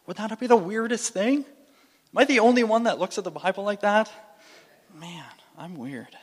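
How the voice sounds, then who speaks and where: A man preaching a sermon with animated, playful delivery, often restarting and repeating phrases. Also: high voice, quick pace. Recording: long reverb in a hall.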